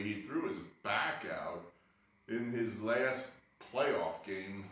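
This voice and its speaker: A man's voice: fairly low pitch, a bit bright. A man hosting his own sports video, talking in a rambling, exasperated way with wry asides while smoking a cigar. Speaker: sports betting video host. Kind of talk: rambling casual monologue. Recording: very echoey room, mic far off.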